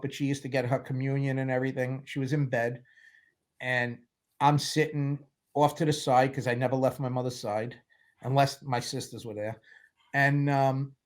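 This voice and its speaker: A man in his sixties chats as an interview guest, mid-pitched and unhurried. He rambles candidly from one story to the next and slips wry humor into them. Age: 60s. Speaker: guest film producer. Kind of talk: casual interview chat.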